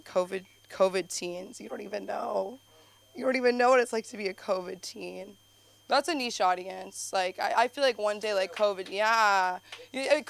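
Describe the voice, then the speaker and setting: Her voice is mid-range and gravelly. A young woman from Los Angeles, she's doing stand-up at an open mic: rambling and self-deprecating, saying "like" a lot, cracking herself up and bursting into sudden loud yelps.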